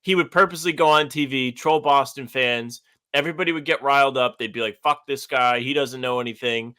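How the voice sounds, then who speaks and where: Bright-voiced young man chatting casually. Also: medium pitch, fairly even intonation, fairly quick, smooth. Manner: loose, filler-heavy, lots of "like". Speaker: podcast co-host. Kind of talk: casual chat.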